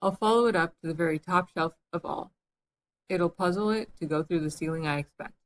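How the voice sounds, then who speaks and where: A polite, curious little girl of seven, read by a woman telling a storybook. She speaks gently and earnestly, on a fairly low pitch. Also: fairly quick, lightly acted.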